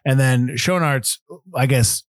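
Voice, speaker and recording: A man's voice: medium pitch, takes it slowly, no room sound, studio quality. A man hosting a casual film podcast, easygoing, reading trivia notes aloud and chatting about them. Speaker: podcast host. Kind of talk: casual film review chat.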